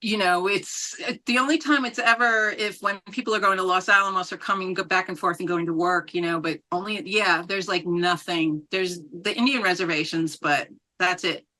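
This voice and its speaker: A woman's voice: on the low side, fairly even intonation, normal speed, few pauses, sharp tone. A woman from New Mexico, a metal band singer, chatting animatedly as a podcast guest, laughing often and swearing casually. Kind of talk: casual interview chat.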